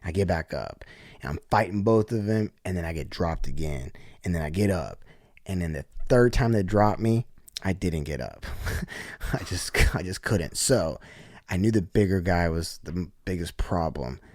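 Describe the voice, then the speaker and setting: A low-voiced man tells a story on a podcast, blunt and unfiltered, swearing freely and filling his sentences with "like". The sound is very dry and close, with no room echo. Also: lively intonation, moderate pace, a little mellow. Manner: blunt, profane, heavy use of "like". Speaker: podcast guest. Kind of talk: casual storytelling.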